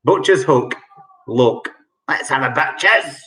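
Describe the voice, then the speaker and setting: A man's voice: medium pitch, sing-song, slow. A man hosting an online quiz night from home over a video call. He repeats each clue several times and explains the answers in a chatty, jokey way. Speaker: quiz host. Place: at home during lockdown.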